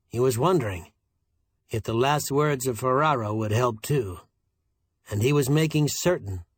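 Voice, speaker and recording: Male audiobook narrator, husky voice, dry close sound, steady delivery. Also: mid-range voice, no echo. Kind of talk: scripted narration.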